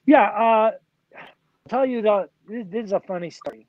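High-voiced older man telling stories. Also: moderate pace, dry recording. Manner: lively rambling storyteller, full of "like" and "you know". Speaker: podcast guest, record producer. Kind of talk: casual anecdotal storytelling. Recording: dull, lo-fi, dry.

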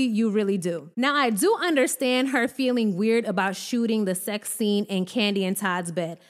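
A woman giving a sassy, exasperated recap of a reality show, her voice swinging up and down in pitch. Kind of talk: casual commentary.

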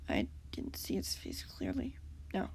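A woman's voice: a little slow, lightly acted. A woman reading the lines of a nervous, sheepish young man in a fan story, in a near-everyday voice. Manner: sheepish and quiet.

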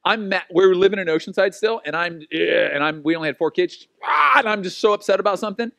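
High-voiced, lively pastor in his forties. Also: fast, gravelly, no echo. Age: 40s. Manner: animated, self-mocking storytelling. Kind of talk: sermon with personal stories.

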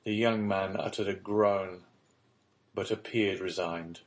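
A man reading a classic novel aloud as an audiobook narrator, in a formal, even manner. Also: deep voice, slow. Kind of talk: scripted narration.

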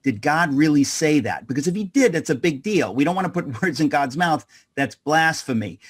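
A man hosts a conversational interview, thinking aloud as he goes. He often restarts his sentences in a halting way. His voice sits a little high for a man. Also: expressive, breathy edge. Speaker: host.

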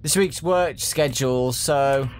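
A man's voice: mid-range voice, slow pace, a little hiss or hum. A young man playing a horror game for viewers, talking his way through it with nervous, jumpy muttering. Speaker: gaming YouTuber. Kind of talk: horror game let's play commentary.

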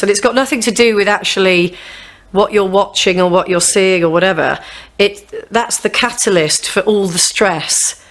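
A middle-aged woman in an interview, talking casually and exasperated, acting out her own rants. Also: mid-range voice. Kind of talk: casual chat.

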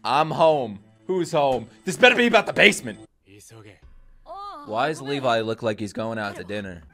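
A young man reacting to an anime episode, excitable and profane, yelling at the characters on screen. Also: medium pitch, normal speed. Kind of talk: live anime reaction commentary. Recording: music from the show playing behind.

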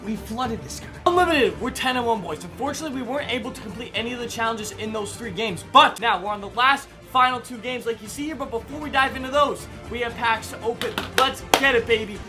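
Hyped male gaming YouTuber, high voice, music under him, loud bursts and swearing. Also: quick pace, few pauses. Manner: hyped, loud outbursts and cursing. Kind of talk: excited gaming commentary. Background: background music.

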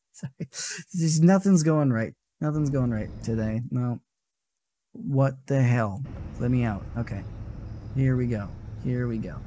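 A man streams a horror game live, giving casual commentary as he plays, rambling, interrupting himself, swearing, and tossing in frequent laughing asides. His voice is medium-pitched and dark at a slow pace, with slight background noise.

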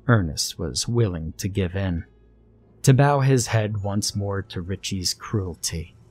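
Slow, low-voiced male horror narrator. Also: expressive, darkish tone. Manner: slow, measured storytelling. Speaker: story narrator.

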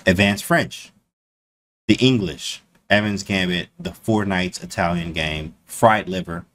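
A man streaming casually to his chat, slangy and animated, repeating his phrases. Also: low voice, a little slow. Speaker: chess streamer.

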